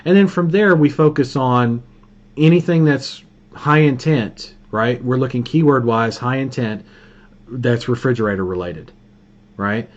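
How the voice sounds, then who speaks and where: A man with a Southern Alabama accent talks casually on a video call, spinning folksy stories and laughing along the way. His voice sits at an ordinary middle pitch. The call audio is dull and lo-fi. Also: a little slow. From Birmingham, Alabama. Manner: folksy, storytelling, laughs often. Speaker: host of a marketing live call. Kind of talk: casual coaching chat.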